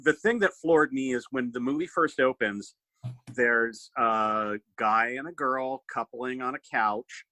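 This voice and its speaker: A man hosting a podcast, riffing on a movie in an animated, swearing, casual chat. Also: mid-range voice, a little slow, no echo, rough recording. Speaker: podcast host.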